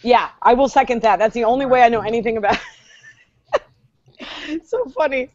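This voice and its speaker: A woman co-hosting a podcast, chatting casually, animated, laughing often and swearing freely. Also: fairly high pitch, brisk, dull audio. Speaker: podcast co-host. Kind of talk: casual group chat on a video call.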